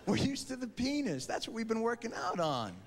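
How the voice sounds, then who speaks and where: A man in his thirties performing a stand-up comedy routine, quickly acting out characters in put-on voices. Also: very high-pitched, very animated. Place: large theater before a live audience. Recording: live stage recording in a reverberant hall with crowd noise.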